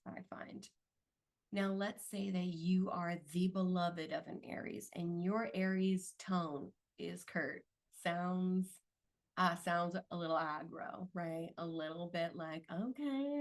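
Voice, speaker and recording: Brief: woman, slightly lower register, casual advice monologue, constant "right?" tag questions. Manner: conversational, keeps asking "right?" for agreement. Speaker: astrology content creator.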